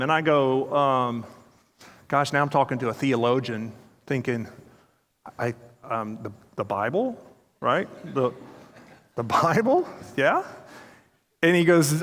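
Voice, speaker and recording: A man's voice: a little high, expressive, a little slow, long pauses, fairly bright tone. A man with a slightly raised voice gives a motivational talk, telling a story and acting out the other people in it. He turns to the audience with direct questions. His voice rings out with the long reverb of a large hall. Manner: storytelling, acting out quoted dialogue. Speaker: speaker.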